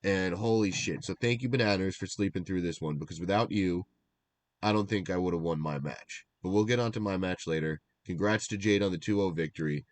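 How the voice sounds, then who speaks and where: A young man co-hosting a casual stream recap, rambling and animated, laughing at himself as he goes. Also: sits low, fairly quick, no echo. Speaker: draft league recap co-host.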